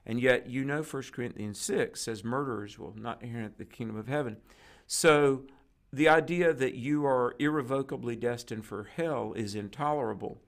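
A man with a gravelly, creaky voice tells a story in conversation. He acts out the dialogue of the people in it as he goes, sounding like a preacher recounting an encounter. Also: mid-range voice, normal speed. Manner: animated storyteller acting out quoted dialogue. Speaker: guest preacher.

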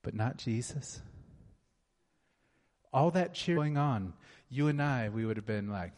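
A man preaching a sermon and praying, slow and earnest, often dropping to a softer tone. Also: mid-range voice, expressive. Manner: slow, earnest, drops to soft tones. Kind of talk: sermon with prayer. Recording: long hall reverb.

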